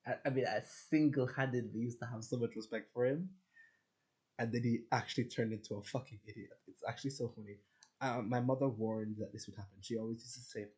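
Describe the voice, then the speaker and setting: Brief: male vlogger, lowish voice, candid and profane, rambling monologue. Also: moderate pace, a little mellow, poor audio. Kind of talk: rambling personal rant.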